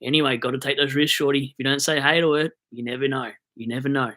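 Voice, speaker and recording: Young Australian male streamer, average pitch, bright edgy tone, wired and chatty, jokes as he goes. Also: steady tone, quick pace. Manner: rambling, jokey, hyped on coffee. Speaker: fantasy football live streamer. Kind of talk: casual live stream chat.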